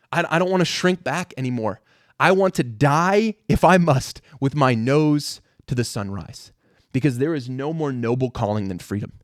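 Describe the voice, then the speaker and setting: Young male podcast host, high voice, dry close sound, fervent exhorting faith talk. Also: no room sound. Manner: fervent, exhorting, repeats words when stirred. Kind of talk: impassioned Christian motivational talk.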